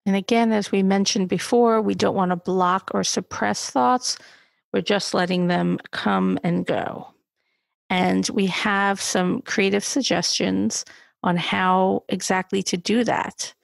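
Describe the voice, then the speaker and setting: A woman's voice: medium pitch, fairly even intonation, slow pace, creaky, no room sound, studio quality. A woman co-hosting a podcast on therapy skills, chatting casually, laughing easily and joking about herself. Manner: warm, laughing easily, self-deprecating. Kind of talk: casual instructional chat.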